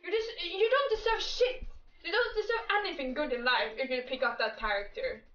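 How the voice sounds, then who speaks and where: High, bright-voiced woman ranting profanely. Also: fairly quick, dull audio. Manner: profane, exasperated, laughing often. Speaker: gaming creator. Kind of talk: casual ranting commentary. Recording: echoey room, distant mic, faint music.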